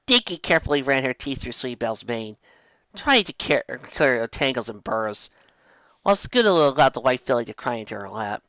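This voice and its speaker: A woman reading a fan story aloud in an expressive storytelling voice. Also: a bass voice, a little fast, no room sound, lo-fi sound. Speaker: reader.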